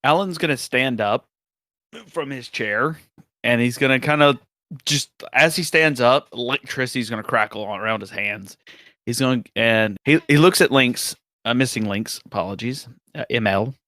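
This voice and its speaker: A man's voice: mid-range voice, moderate pace, sharp tone, dry recording, studio quality. A man in a tabletop game, speaking in a defensive, sarcastic way. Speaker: player. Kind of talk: casual in-character play.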